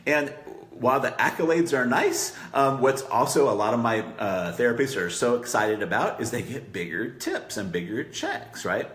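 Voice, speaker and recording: A man's voice: medium pitch, lively intonation, moderate pace, a bit bright, roomy sound. A man teaching marketing copy in a coaching session, talking conversationally and checking in with "right?" as he acts out client quotes.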